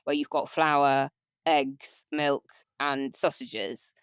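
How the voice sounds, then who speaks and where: A woman's voice: rumbling low, fairly even intonation, slow, clean tone, no room sound. A woman co-hosting a podcast, reading out news and chatting with easy laughter on a close mic. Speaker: podcast co-host. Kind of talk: casual news chat.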